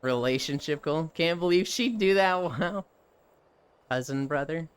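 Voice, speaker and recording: Streamer, casual rambling chat, foul-mouthed and quick to laugh, lively pitch. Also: clean tone. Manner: rambling, swears freely, laughs often. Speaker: live streamer.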